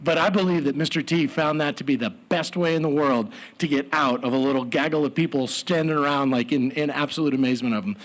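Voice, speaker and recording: Give me an animated man telling a story. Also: on the high side, quick pace, few pauses. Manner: animated, building excitement, comic asides. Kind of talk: live story slam storytelling.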